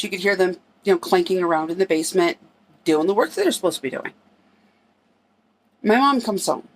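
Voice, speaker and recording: A middle-aged woman tells a personal family story in a relaxed, conversational way. Her voice sits at an ordinary middle pitch, and she acts out what each person said as she recounts it. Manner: conversational, acts out quoted dialogue in her telling.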